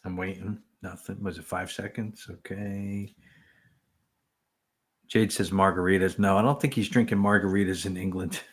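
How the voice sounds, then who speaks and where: A man's voice: low voice, steady tone, normal speed, husky. A man co-hosting a casual livestream, chatting easily and reading out viewer comments in a rambling way. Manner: easygoing, rambling. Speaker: livestream co-host.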